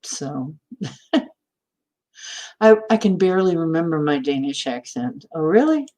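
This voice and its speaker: A radio-trained woman with a flat Midwestern announcer accent, hosting a casual livestream and chatting with viewers as she reads their comments, laughing often. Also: sits low, measured pace. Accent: flat Midwestern American, announcer style. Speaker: host of a spiritual livestream.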